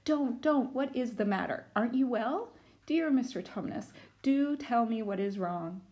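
A woman's voice: lively intonation, moderate pace, a little mellow, natural voice. A woman voicing a young girl who is earnest and distressed, reading a storybook aloud. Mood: pleading. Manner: pleading, urgent, high and breathless.

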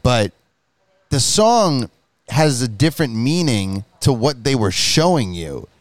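A man co-hosting a casual movie podcast, animated and joking, laughing often. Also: mid-range voice, takes it slowly, no echo. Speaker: podcast co-host. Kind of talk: casual movie review chat.

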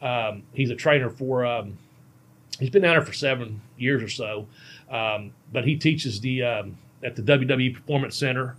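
A former pro wrestler telling rambling, folksy road stories in casual chat, chuckling at himself. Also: male voice, mid-range voice, normal speed, fairly bright tone. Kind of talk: casual storytelling on a podcast.

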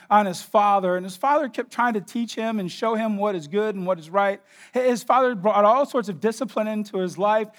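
A man preaching a sermon, telling a story and rising into impassioned emphasis. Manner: storytelling, drops to a hushed low voice for emotional moments. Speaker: pastor.

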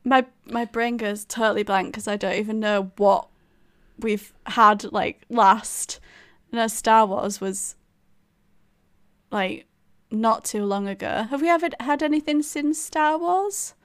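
A woman's voice: on the high side, unhurried, fairly bright tone, clean tone. A woman co-hosting a podcast, chatting and telling stories with lots of giggles. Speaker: podcast co-host. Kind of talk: casual chat.

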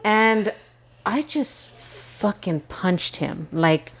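An animated woman podcast guest tells a story in casual chat. She swears freely and laughs mid-sentence. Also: mid-range voice, very slow. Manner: animated, profane, laughs while telling stories.

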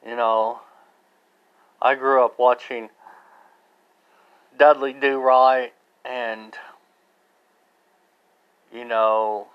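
An American man talks alone into his podcast mic in an unhurried, meandering way. He circles back on himself, restarting sentences and dropping in fillers. The recording is a little dull and lo-fi, and his pitch sits in the middle. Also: flat delivery, smooth. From United States. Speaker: podcast host. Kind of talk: casual solo monologue.

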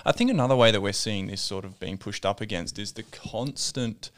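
A man's voice: lowish voice, a little fast. A man co-hosting a podcast, reflecting on faith in casual discussion with frequent fillers. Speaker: podcast co-host.

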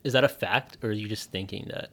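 A man's voice: fairly low pitch, quick pace, fairly bright tone. A young man co-hosting a podcast, with a dry, teasing and sarcastic way of talking. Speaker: podcast co-host. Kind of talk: casual banter.

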